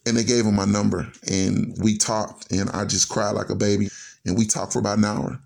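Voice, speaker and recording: Gravelly low-voiced man telling his story. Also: little pitch movement, fairly quick, a little mellow. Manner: earnest and reflective, strings thoughts together with "and so". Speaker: podcast guest telling his life story. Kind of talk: personal storytelling.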